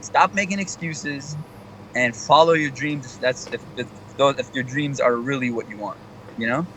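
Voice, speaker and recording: A young male comedian chatting as a radio guest, animated and motivational in tone. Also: medium pitch, moderate pace, slight background noise, low-quality recording. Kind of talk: casual radio interview chat.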